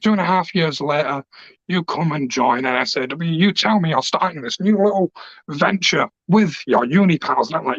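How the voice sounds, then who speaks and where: A man's voice: fairly high pitch, animated, moderate pace, a bit bright, dry recording. A man, a pro wrestler cutting an emotional, passionate, rambling promo. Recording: dull lo-fi dry recording.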